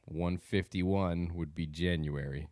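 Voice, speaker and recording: A man's voice: low voice, steady tone, takes it slowly, a little mellow, no echo. A man co-hosting a podcast in casual chat, teasing and sarcastic with his partner. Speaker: podcast co-host.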